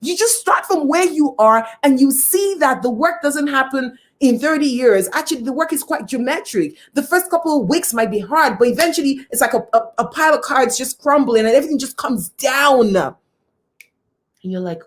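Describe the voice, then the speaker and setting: A woman's voice: high voice, expressive, moderate pace. A woman giving a motivational talk as a coach, emphatic and repeating phrases for effect. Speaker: guest speaker and coach.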